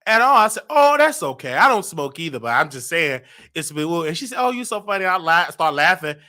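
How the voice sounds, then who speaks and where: A man hosting a talk show, telling a personal story in an animated way and acting out the dialogue. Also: a little high, fast. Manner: dramatic, acts out quoted dialogue. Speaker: show host.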